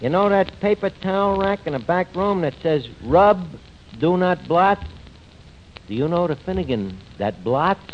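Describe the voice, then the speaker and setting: An actor in a 1940s radio comedy playing a fast-talking, sarcastic male tavern manager with slangy speech, on an old lo-fi recording. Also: sits high, animated. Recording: dull lo-fi old radio recording, faint hiss.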